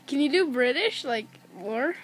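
A woman's voice: sits high, slight background noise. A woman chatting casually in an online game lobby, giggly and easily impressed.

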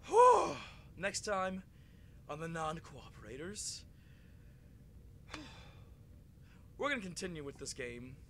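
A young man with a somewhat high voice talks his way through a horror game. He rambles with plenty of fillers, then swears and shrieks when the game startles him. Steady clicking and a clear bed of noise run under his voice. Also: slow, pauses often. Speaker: gaming channel host. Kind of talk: let's play commentary. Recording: audible clicking and background noise.

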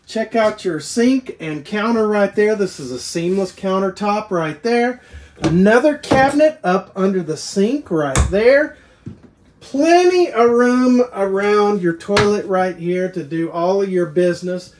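A man's voice: high voice, a little slow, background noise. A man giving an enthusiastic walkthrough tour of a travel trailer as a salesman, eagerly pointing out each feature. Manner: excited, keeps pointing things out "right there".

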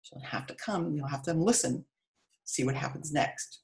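A woman's voice: low-pitched, normal speed, darkish tone, low-quality recording. A middle-aged woman, an author reading her story aloud expressively and then chatting with viewers of a live stream.

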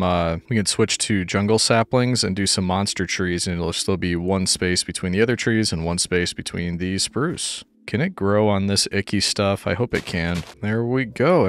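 A man narrating his gameplay casually with dry, wry humor, talking to the animals as he goes. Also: fairly low pitch. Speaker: gaming YouTuber.

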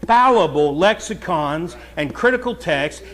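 A man with a fairly high voice delivers a homespun sermon. He talks plainly and chattily with his congregation, then presses his points with rising force. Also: animated, a little slow, a bit bright. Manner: folksy, chatty preaching that builds to emphatic, raised stretches. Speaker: pastor. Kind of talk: conversational sermon.

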